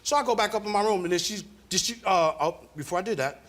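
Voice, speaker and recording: Defensive man talk-show guest, quick and high-pitched, repeats his denials. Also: fairly bright tone. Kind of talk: heated talk-show argument. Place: TV studio stage.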